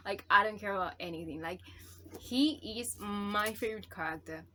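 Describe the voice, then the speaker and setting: With a sharp tone and medium pitch, a woman talks at normal speed in a casual book review vlog, with slight background noise. She gushes, swears heavily, fills her rambling with "like" and "you know," and is moved almost to tears.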